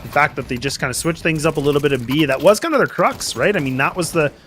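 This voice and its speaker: Quick-talking guy breaking down the plays, fillers everywhere, slight hiss. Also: on the high side, lively intonation, fairly bright tone. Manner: quick, analytical, many fillers. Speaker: esports color commentator. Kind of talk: color commentary.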